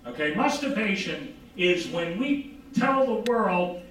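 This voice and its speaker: A man giving an informal psychology lecture, animated, asking rhetorical questions and answering them himself. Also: high voice, takes it slowly, slight background noise. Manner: acts out quoted dialogue. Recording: very echoey room from far off.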